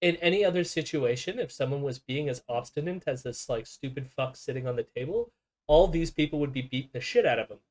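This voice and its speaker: Lively sardonic man streaming. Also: medium pitch, fairly quick. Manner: sardonic, swearing, laughing often. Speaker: streamer host. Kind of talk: casual reaction commentary.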